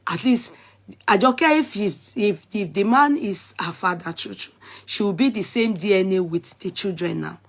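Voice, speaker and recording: Husky Nigerian woman scolding viewers. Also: medium pitch, normal speed. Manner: animated, scolding, repetitive. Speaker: vlogger. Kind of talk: casual commentary.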